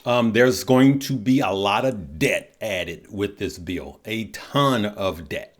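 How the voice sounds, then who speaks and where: A man's voice: lowish voice, lively intonation, slow pace. A man hosting a casual stock market show, upbeat and chatty, drawling "y'all" and "good people" at his viewers. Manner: upbeat, chatty, laughs at the news.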